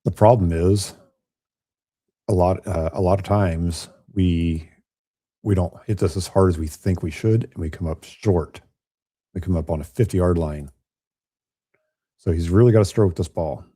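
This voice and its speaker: A man with a chest cold commentating a pool match from home, raspy and hoarse, chatting and joking straight to his viewers. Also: sits low, unhurried, long pauses, dark tone. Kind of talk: casual live commentary. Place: at home, quiet room.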